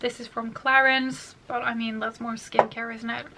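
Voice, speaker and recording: A woman's voice: on the high side, little pitch movement, normal speed, pushed and bright. A woman beauty vlogger talking casually and at length about her makeup, with many fillers. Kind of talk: chatty makeup collection vlog.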